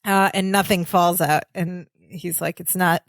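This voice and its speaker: A woman's voice: fairly low pitch, fairly even intonation, a little slow, vocal fry, dry recording. A woman co-hosting a podcast, chatting through sitcom scenes and finishing her co-host's sentences. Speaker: podcast co-host. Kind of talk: casual recap chat.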